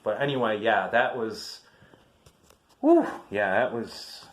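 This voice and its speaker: A man's voice: on the low side, lively intonation, slow. A man in his fifties, an army veteran, telling family military stories in a casual, rambling vlog full of fillers and restarts.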